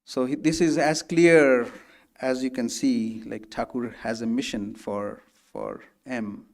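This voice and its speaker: A man's voice: medium pitch, fairly even intonation, slow. A man giving a spiritual lecture as a guest speaker, telling stories in a conversational way, often restarting sentences and acting out the people he quotes.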